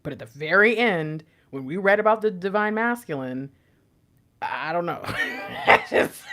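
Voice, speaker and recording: A woman's voice: lowish voice, animated, a little slow, fairly bright tone. A woman giving a casual tarot reading, playful and slangy, often breaking into laughter and asides. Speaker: tarot reader.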